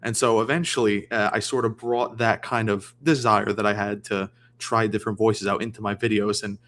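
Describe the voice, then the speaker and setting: Man, low voice, casual livestream chat, rambling, fillers. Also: fairly even intonation, normal speed, a bit bright. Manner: rambling, many fillers and restarts. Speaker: guest streamer.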